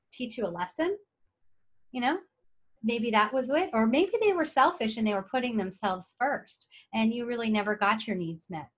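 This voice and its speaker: A middle-aged woman, an occupational therapist, giving an animated, chatty coaching talk to camera and acting out her clients' inner voices. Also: fairly high pitch.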